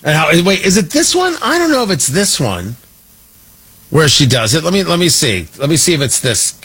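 Male talk-radio host, bright and lively, slightly husky, mocking and opinionated. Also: on the high side, normal speed. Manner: sarcastic and mocking, with frequent restarts. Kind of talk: opinionated talk show monologue.

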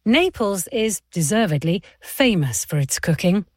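A woman presenting scripted radio news links in a lively, expressive way. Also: mid-range voice, a little slow, no echo, studio quality.

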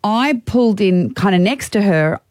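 A woman's voice: medium pitch, animated, normal speed, darkish tone, dry recording. Chatty Australian woman on dry studio mic. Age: young adult. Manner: chatty, rambling with restarts. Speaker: radio host. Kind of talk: casual on-air storytelling. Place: radio studio.

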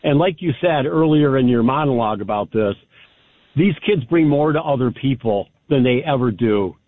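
A man's voice: medium pitch, lively intonation, normal speed, no room sound. A middle-aged man calling in to a radio show, speaking in a heartfelt, grateful way. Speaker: caller. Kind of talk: call-in talk radio. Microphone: telephone. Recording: tinny phone line.

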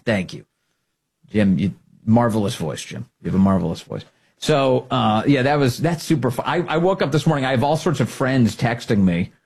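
A middle-aged male talk radio host with a slightly husky voice. He talks in a sarcastic, mocking way, and his pitch leaps up and down as he spins one joke after another. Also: animated, moderate pace, darkish tone.

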